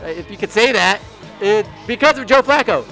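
Man, high voice, bright and sharp, podcast co-host, teasing. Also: animated, a little fast, gravelly, soft background music, some chatter behind. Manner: teasing, reads out betting lines. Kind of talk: casual sports chat.

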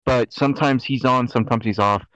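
A man's voice: medium pitch, fairly even intonation, fairly quick, a bit bright, dry recording. A young man hosting a casual podcast chat, rambling with lots of fillers and laughing often. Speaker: podcast host. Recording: dull lo-fi dry sound.

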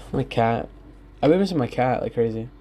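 Speaking unhurriedly and expressively, this young podcast host has a mid-range, dark-toned voice. He sits in his room giving a casual solo talk, rambling frankly to listeners and cursing a lot.

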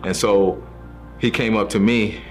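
A man with a lowish, steady voice tells his faith story at a measured pace, earnest throughout. He acts out the voices of the people involved while soft music plays in the background.

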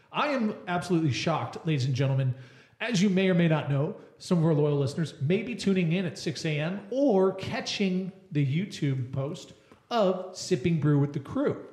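A man's voice: a little high, expressive, normal speed, a little mellow. A man co-hosting a podcast, playful and teasing, slipping into mock-announcer asides during casual banter. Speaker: podcast host. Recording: echoey room.

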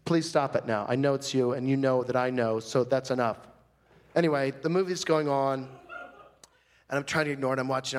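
A man's voice: a little high, lightly acted. A man playing a flamboyant, fussy character in a live comedy monologue, rambling in a prissy, gossipy way on a stage mic. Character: flamboyant, fussy, chatty man telling a grievance. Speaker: stand-up comic in character.

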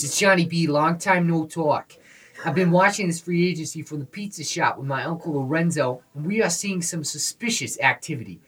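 A man's voice: high-pitched, husky, distant mic, pitched above the performer's own voice, heavily acted. A man putting on a brash New York fan. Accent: put-on New York accent. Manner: boastful, indignant, conspiratorial rant. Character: brash loudmouth male New York baseball fan caller.

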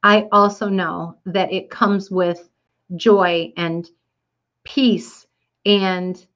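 A woman's voice: medium pitch, fairly even intonation, very slow, fairly bright tone, lo-fi sound. A woman telling her listeners a personal story in an earnest, reflective way, with frequent fillers. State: getting teary.

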